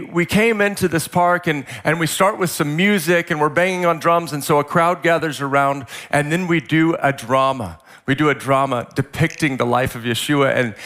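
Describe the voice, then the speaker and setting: A middle-aged man from California preaching a sermon, telling a story with strong emotion, repeating words, shouting at peaks and dropping to near-whispers. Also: mid-range voice. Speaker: pastor.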